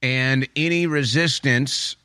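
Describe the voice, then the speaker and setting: A man's voice: medium pitch, slow pace, sharp tone, clear, resonant tone, dry recording. A man delivering a political commentary monologue in a mid-range voice. He talks emphatically and sarcastically, often repeating phrases for effect. It is recorded close and dry, with no room sound.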